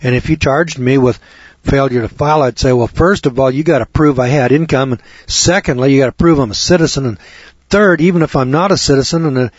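A man's voice: medium pitch, fairly quick, dry recording. A man lecturing to students in a folksy way, piling up rhetorical questions and repeating them for effect. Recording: dull lo-fi recording.

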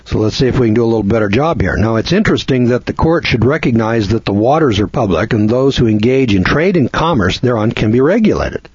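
A man's voice: medium pitch, expressive, quick pace, few pauses, darkish tone, breathy edge, no room sound. A man giving a rambling lecture in a blunt, scornful manner, often restarting his sentences. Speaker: seminar lecturer. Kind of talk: folksy lecture. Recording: dull lo-fi recording.

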